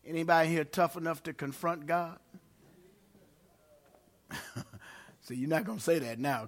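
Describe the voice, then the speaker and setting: A man preaching a sermon to a congregation in a church, emphatic and growing loud when he quotes scripture. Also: on the high side, unhurried, long pauses. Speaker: pastor.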